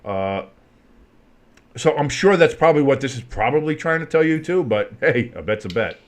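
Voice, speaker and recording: A man's voice: medium pitch, expressive, normal speed. A man co-hosting a casual sports podcast, playful and teasing, often slipping into goofy voices. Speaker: co-host.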